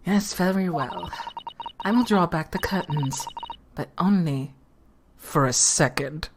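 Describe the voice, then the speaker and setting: A woman's voice: low-pitched, animated, slow, a little hiss or hum. A woman voicing an evasive female waxworks proprietor in a fan game reading, speaking in a guarded, prim way. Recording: game music clearly behind.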